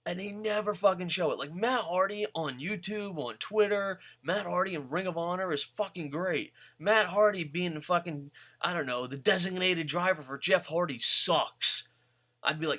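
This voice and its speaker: A man's voice: sits high, moderate pace, pushed and bright. Blunt, profane man ranting. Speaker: wrestling vlogger. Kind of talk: casual profane rant.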